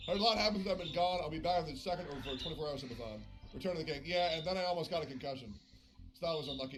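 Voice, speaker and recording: A man's voice: on the high side, rapid-fire, music in the background. Cussing, sarcastic male game streamer. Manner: profane, sarcastic and passive-aggressive. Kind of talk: casual live-stream chat.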